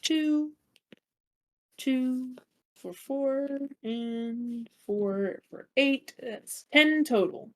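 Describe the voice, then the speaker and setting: A woman's voice: sits high, drawn-out words. A woman narrating as game master of a tabletop game, calling rolls and describing the enemies' turns.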